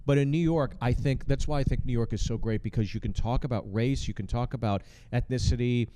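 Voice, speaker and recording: A man's voice: medium pitch, brisk, background noise. A man hosting a casual chat about stand-up comedy, explaining his points at length in an earnest, analytical way. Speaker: host. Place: comedy club.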